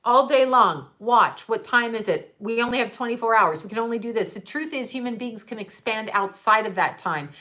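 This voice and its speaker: A woman's voice: a little high, lively intonation, normal speed, hardly any pauses, pushed and bright. Woman, middle-aged, psychic medium, casual chat, blunt and profane, frequent laughter. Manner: candid, profane, laughs often. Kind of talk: casual livestream chat with viewers.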